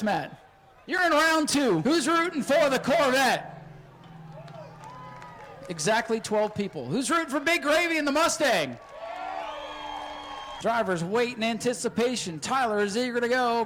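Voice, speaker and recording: Man, race announcer, very high pitch, excitable, jokey, shouting, outdoor track, faint noise behind. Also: measured pace, long pauses, some chatter behind, poor audio. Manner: excitable, joking, often shouting. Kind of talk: live race commentary over PA. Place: flag stand at an outdoor speedway.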